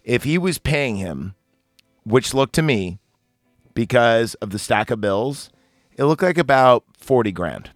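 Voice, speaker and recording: A man's voice: medium pitch, expressive, unhurried, no echo, studio quality, soft background music. A man hosting a casual podcast about a film, rambling, swearing often and laughing easily. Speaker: podcast host.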